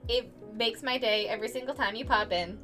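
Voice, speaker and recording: Young American woman, high voice, chatty streamer, playful, laughs a lot, faint music behind. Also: fairly quick. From United States. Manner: playful, chatty, laughs often, stumbles and restarts. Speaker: streamer, digital artist. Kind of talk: casual live-stream chat with viewers.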